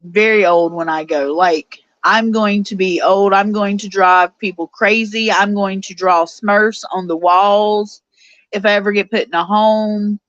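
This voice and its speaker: A woman's voice: mid-range voice, steady tone, a little slow, a bit bright. A woman, hosting a casual live stream, chatty and tearful as she reads messages from viewers. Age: 40s. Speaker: show host reading live chat. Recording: dull, lo-fi sound.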